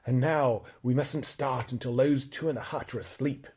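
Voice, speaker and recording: A man reading aloud, voicing a proud and blunt talking male horse who lectures in a brisk, scornful way. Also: medium pitch, fairly even intonation, darkish tone, husky. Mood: planning.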